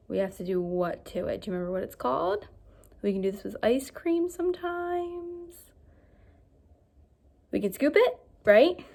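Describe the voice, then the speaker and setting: Cheerful woman teacher for a recorded lesson for small kids, clear and animated. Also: medium pitch. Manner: animated, slow and clear, asks pupils questions. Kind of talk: recorded early-grade lesson.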